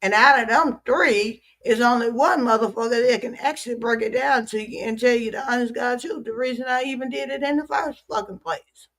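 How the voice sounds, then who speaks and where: A woman's voice: a little high, fairly quick, hardly any pauses, fairly bright tone. A weary woman streamer venting to her viewers in a frustrated, repetitive, profane rant. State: weary, worn out. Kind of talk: emotional livestream rant.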